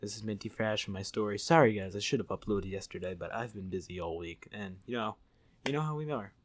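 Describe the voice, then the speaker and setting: A man's voice: fairly low pitch, fast talker, very noisy. A man telling a story in a casual vlog, rambling, swearing and laughing as he goes. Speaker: YouTube storyteller.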